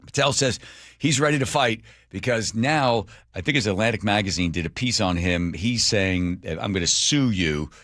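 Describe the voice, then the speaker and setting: A man's voice: fairly low pitch, normal speed, no echo, clean studio sound. A man hosting a radio talk show, chatting casually in a wry, joking way. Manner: wry, joking, animated storyteller. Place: radio studio.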